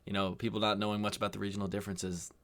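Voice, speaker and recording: American guy rambling about a video, deep-ish voice, lots of vocal fry. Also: very fast. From United States. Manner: relaxed, rambling with fillers. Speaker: reaction video host. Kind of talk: casual commentary.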